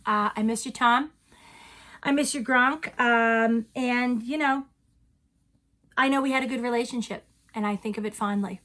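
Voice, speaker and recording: Woman, 40s, vlog host, animated and theatrical, bright voice, slightly high, home closet, camera mic. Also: slight background noise. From New England. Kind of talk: chatty personal vlog.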